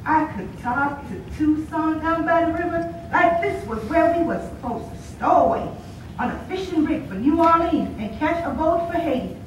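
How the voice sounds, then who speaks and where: A woman's voice: sits high, expressive, normal speed, a little hiss or hum. A woman performing a theatrical monologue, telling a story with voiced quotes from a stage, recorded from a distant camera. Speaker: student performer. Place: stage or hall, recorded from far off. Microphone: distant camera mic. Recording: very echoey hall from far off.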